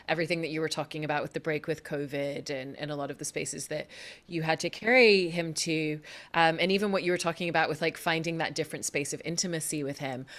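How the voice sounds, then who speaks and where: Measured woman with a very low voice. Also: fairly bright tone. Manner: measured, long thoughtful questions. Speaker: interview moderator. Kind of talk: interview questions.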